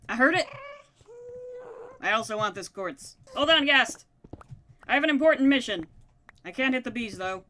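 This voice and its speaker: A woman's voice: high voice, bright, forceful tone, slight background noise. A woman casually narrating her modded game, playfully taunting mobs and talking herself through crafting. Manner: playful, talks to mobs, mock-dramatic taunts. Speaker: gamer narrating her play. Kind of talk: casual let's-play commentary.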